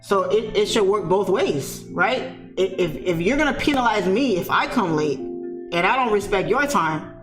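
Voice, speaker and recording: A woman telling a story in a casual, animated way, speaking straight to her viewers. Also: mid-range voice, moderate pace. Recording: echoey room with faint music.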